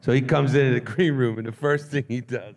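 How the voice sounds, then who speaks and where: A man on a convention panel telling funny backstage stories, excitable and laughing, with casual swearing. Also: mid-range voice, a little fast. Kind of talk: animated anecdote telling.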